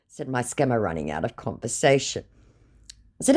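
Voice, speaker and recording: A woman's voice: a bass voice, huge pitch swings, brisk, darkish tone. A young woman reading out chat messages in a dry, sarcastic comedic narration. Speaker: scambaiter narrating chats.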